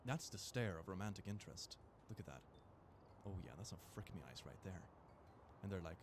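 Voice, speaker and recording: Animated joking young streamer man. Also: low-pitched, brisk, background noise. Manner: animated, jokey, reads posts aloud. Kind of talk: casual reaction commentary.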